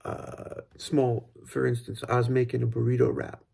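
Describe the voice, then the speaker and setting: Gravelly raspy dad just rambling about parenting, lots of likes and restarts. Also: male voice, medium pitch, flat delivery, moderate pace, dark tone. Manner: rambling, thoughtful, full of fillers and restarts. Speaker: father sharing parenting tips. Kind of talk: casual reflective monologue.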